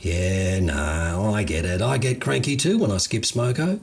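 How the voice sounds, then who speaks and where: A man's voice: sits low, animated, unhurried, vocal fry, slightly rough, exaggerated voice. A man voicing an easygoing, unflappable Australian gardener with a drawling, slangy way of talking. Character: laid-back Australian gardener, unflappable bloke.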